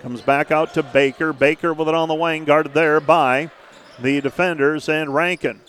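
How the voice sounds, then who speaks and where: A man calling live basketball play-by-play, brisk and name-by-name, with stat asides between plays. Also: on the high side, steady tone, a bit bright. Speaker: play-by-play announcer.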